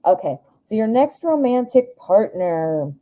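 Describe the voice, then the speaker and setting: Hosting a live tarot show, a Midwestern American woman chats casually and rambles with enthusiasm, often restarting her sentences. She speaks at a measured pace in a very animated, medium-pitched voice with a dark tone, on a low-quality recording.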